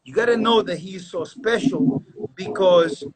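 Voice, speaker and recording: A man hosting a live-stream chat as a dog breeder, telling stories in an emphatic, animated way. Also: sits high, normal speed, crowd noise.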